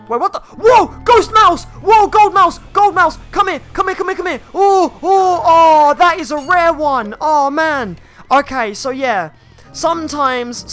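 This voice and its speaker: A game streamer giving chatty, rambling gameplay commentary that bursts into excited shouts. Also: medium pitch.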